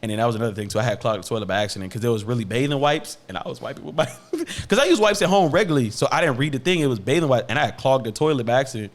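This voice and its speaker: A man's voice: medium pitch, expressive, rapid-fire, few pauses. A young man hosting a podcast, telling a story casually with profane slang and laughter. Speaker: podcast host.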